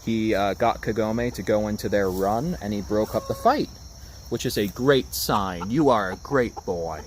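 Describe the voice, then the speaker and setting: A man from Japan chatting casually on a livestream about his chickens, recorded outdoors on a phone camera in a backyard, coaxing his birds in a soft sing-song. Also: fairly low pitch, normal speed. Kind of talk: casual live-stream chat. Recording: outdoor phone recording with steady background noise. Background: chickens clucking, insects chirping.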